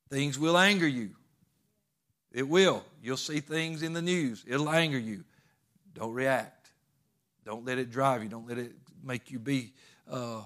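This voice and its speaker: A man's voice: medium pitch, fairly bright tone. A man preaching a sermon in a folksy, emphatic storytelling way.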